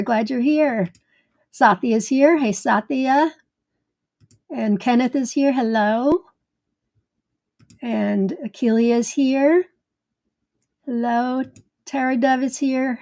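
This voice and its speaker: A middle-aged woman hosting a live gardening stream, greeting viewers one by one in a bubbly, chatty way, excited like a cheerleader. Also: fairly high pitch, vocal fry. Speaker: host of a live gardening show.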